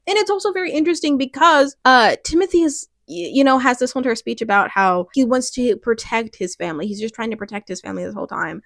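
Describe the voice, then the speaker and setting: A young woman chatting casually about a TV finale, animated and rambling, laughing often and restarting her thoughts. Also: on the high side, fast talker, dry recording, clean studio sound. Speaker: youtuber reviewing a TV finale. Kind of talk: casual chat.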